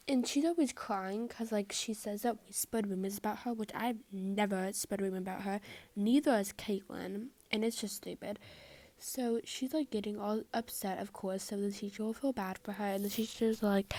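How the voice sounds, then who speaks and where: A woman's voice: mid-range voice, moderate pace, a little mellow, no echo. A teenage girl telling a school drama story in a casual storytime style, chatty and exasperated, filling her talk with "like" and often dropping to a whisper.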